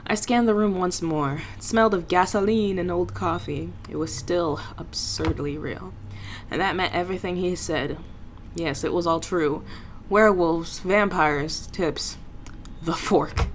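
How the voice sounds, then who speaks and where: A woman's voice: on the low side, a little slow, slight background noise. A woman reading a visual novel aloud, voicing the heroine's thoughts and adding wry, self-mocking asides. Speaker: game streamer.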